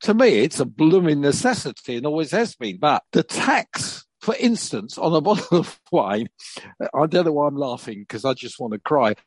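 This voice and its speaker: An older man chats casually as a podcast co-presenter, laughing wryly and restarting his phrases as he goes. His voice sits a little high for a man and is recorded dry, with no room sound. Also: sing-song, moderate pace, husky, no room sound, poor audio. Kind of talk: casual chat.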